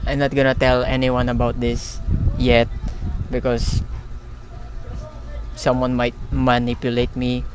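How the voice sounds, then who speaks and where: A man's voice: medium pitch, a little slow, pauses often. A young man streaming live, stunned and overjoyed, stammering out his thanks. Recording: steady background noise.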